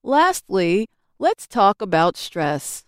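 A woman reading a scripted English grammar lesson with slow, careful, clearly enunciated delivery. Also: mid-range voice, very animated, dry recording, clean studio sound. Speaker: English teacher.

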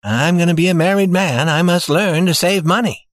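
Man doing a chill young safecracker in a story, calm, in charge, dry close sound. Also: sits high, normal speed, no echo, pitched above the performer's own voice, close to an everyday voice. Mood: easy. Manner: calm and commanding.

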